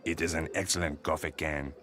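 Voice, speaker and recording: A smooth French flea market dealer. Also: male voice, a bass voice, fairly even intonation, a little fast, music in the background. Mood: salesy. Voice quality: salesman patter, courtly and persuasive. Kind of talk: video game character dialogue. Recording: noisy game audio.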